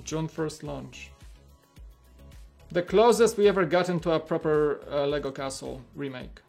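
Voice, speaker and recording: A livestream host with a fairly high, darkish voice and vocal fry speaks a little slowly over soft background music. The chat is casual and rambling, with lots of "like" and restarted sentences.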